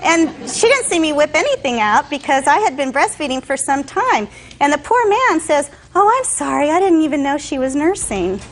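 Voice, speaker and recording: Woman defendant, courtroom testimony, lively retelling with quoted voices, slightly high voice. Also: normal speed, low-quality recording. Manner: animated storytelling, acting out others' words.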